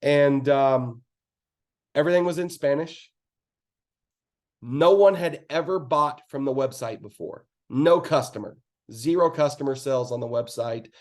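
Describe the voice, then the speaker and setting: A man's voice: mid-range voice, unhurried, a little mellow. A man telling his team a candid, earnest story of starting his business, with plenty of fillers and acted-out quotes, over a call. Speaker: network marketing speaker.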